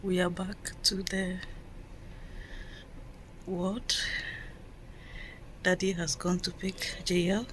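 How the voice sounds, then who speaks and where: A woman talking softly in a casual vlog clip filmed on a hospital ward. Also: on the low side, little pitch movement, slow, pauses often, background noise. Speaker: new mother filming herself.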